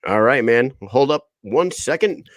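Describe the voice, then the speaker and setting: A man's voice: medium pitch, expressive, dry recording, clean studio sound. Swearing, laughing male podcast host. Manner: swears freely, laughs often, quick storytelling. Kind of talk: casual chat.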